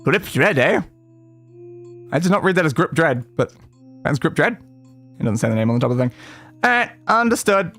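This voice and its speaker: A man's voice: on the high side, sing-song, moderate pace, pauses often, fairly bright tone, soft background music. A man streaming a retro role-playing game, chatting casually and rambling with lots of fillers and restarts. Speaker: gaming streamer. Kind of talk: casual let's-play chat.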